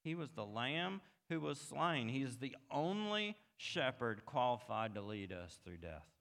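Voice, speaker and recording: A male pastor delivers a sermon in a tense, bright voice. He moves between soft, reflective stretches and passionate, emphatic climbs. The sound carries the long reverb of a church sanctuary. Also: medium pitch, big pitch swings, measured pace, vocal fry. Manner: builds from quiet reflection to emphatic, rising passages.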